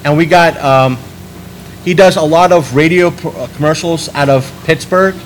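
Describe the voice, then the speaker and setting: Rambling podcast host, slightly high voice. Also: male voice, normal speed, slight background noise, rough recording. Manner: rambling, restarts sentences, animated quoting. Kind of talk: casual podcast chat.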